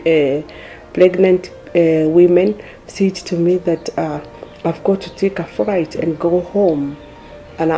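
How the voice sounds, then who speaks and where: A woman's voice: fairly low pitch, dark tone. A woman telling her experience in a documentary interview, hesitating often as she speaks. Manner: hesitant, many pauses with "uh".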